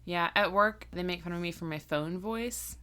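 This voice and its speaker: A woman's voice: lowish voice, normal speed, sharp tone, slight background noise. A woman hosting a podcast, chatting casually, laughing often and mimicking phone voices. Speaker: podcast host. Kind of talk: casual chat.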